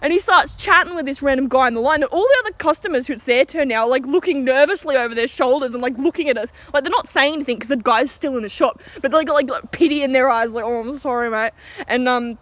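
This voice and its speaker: A woman's voice: high-pitched, quick pace, few pauses, fairly bright tone, no room sound. A young Australian woman telling a story casually outdoors, rambling with lots of fillers and giggles.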